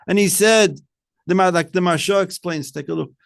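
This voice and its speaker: A rabbi delivers a Torah talk, posing rhetorical questions and sprinkling in Hebrew terms while shifting between soft and loud emphasis. His voice is high-pitched and creaky, and he speaks a little fast.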